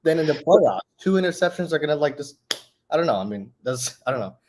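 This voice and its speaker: A man's voice: a little high, expressive, quick pace, darkish tone. A man on a casual sports talk panel, frustrated, talking with plenty of fillers.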